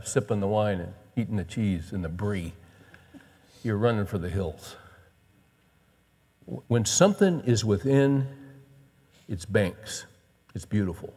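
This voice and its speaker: A man preaching a sermon as pastor, folksy and animated, with soft chuckles. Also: on the low side, big-room sound.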